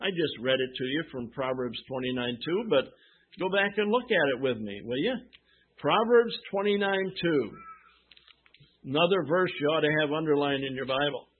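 A man preaching a sermon, asking his listeners questions and answering them with emphasis, pausing between phrases. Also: fairly high pitch, animated. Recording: tinny phone-like sound.

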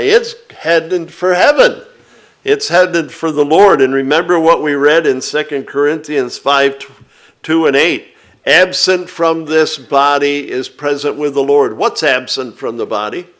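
A man preaching a sermon, reading scripture aloud and explaining it to his congregation in a slow, deliberate manner. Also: a little high.

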